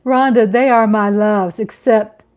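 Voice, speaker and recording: A middle-aged woman hosting a casual livestream from home, chatting with viewers, reading their comments aloud, laughing often and sometimes dropping into a hushed whisper. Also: medium pitch, fairly even intonation, unhurried, highs cut off. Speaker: livestream host. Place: home, at night.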